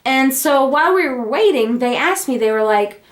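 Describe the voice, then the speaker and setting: A young woman casually telling her family the story of a birth, acting out the quoted lines. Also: moderate pace. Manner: animated, acts out the quoted lines in a high voice. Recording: echoey room.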